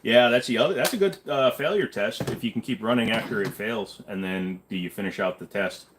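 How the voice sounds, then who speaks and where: A man's voice: fairly low pitch, a little fast, a bit bright, slight background noise. A man hosting a casual livestream and answering chat in a blunt, offhand way, swearing now and then. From Canada. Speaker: livestream host reading chat.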